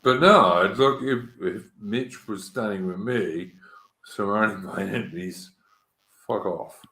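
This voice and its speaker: Host, male, lowish voice, blunt and matey with casual swearing, roomy echo. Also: slow pace, sharp tone. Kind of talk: casual chat.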